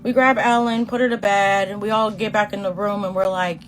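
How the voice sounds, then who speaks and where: Doing her makeup over soft background music, a Boston beauty vlogger in her twenties delivers an animated, slang-heavy, profane storytime, acting out the characters in voices. She speaks in a mid-range voice, a little fast.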